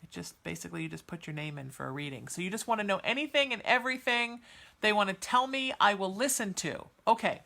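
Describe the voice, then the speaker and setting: A woman's voice: mid-range voice, lively intonation, fast talker, creaky, bright, forceful tone. A woman hosting a podcast and giving live psychic readings to chat viewers, soothing and reassuring, chatty with many fillers. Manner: soothing, reassuring, calls listeners sweetheart.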